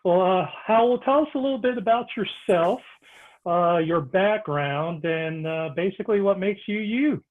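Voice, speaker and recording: A man's voice: sits high, normal speed. Male host on a tinny, phone-like line. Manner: reads announcements with frequent "uh" fillers. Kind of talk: hosting an online Q&A.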